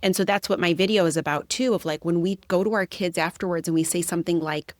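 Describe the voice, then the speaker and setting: A woman's voice: on the low side, fairly even intonation, fast, few pauses, no echo, clean studio sound. A young woman hosting a podcast, talking through her ideas in a thoughtful, reflective way. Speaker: podcast host. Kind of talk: conversational interview.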